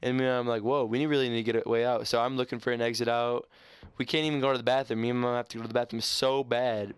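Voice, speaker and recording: A sixteen-year-old boy, casually telling a story over gameplay in a halting, rambling way full of restarts and stutters. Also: medium pitch, flat delivery, clear, resonant tone, dry recording. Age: teens. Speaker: gaming YouTuber. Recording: faint gunfire from game audio. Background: video game gunfire.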